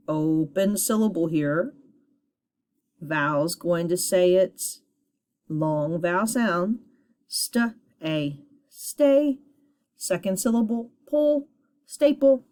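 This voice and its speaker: A woman's voice: fairly low pitch, darkish tone. A woman teacher giving a phonics lesson to children, patiently sounding out syllables and encouraging her students.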